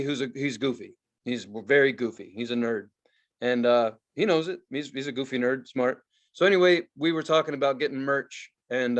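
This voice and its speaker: A man co-hosting a podcast, telling a story in casual chat, swearing a lot and acting out quotes loudly. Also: medium pitch. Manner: profane, animated storytelling with loud acted-out quotes. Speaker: podcast co-host.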